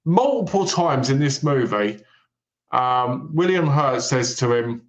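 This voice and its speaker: A man's voice: mid-range voice, moderate pace. A man, co-host of a film podcast, animatedly retelling a movie plot in casual chat and quoting its characters. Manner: animated storyteller, retells plots with quoted lines. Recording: roomy echo.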